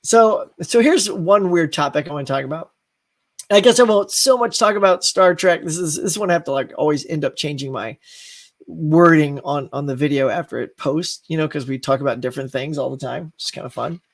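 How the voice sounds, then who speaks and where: A man hosting a live stream, chatting in a loose, rambling way with a gravelly edge. His voice sits high for a man. The sound is dry and close to the mic. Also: brisk, no room sound. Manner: rambling, animated, laughs between thoughts. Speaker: live show host. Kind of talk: casual live-stream chat.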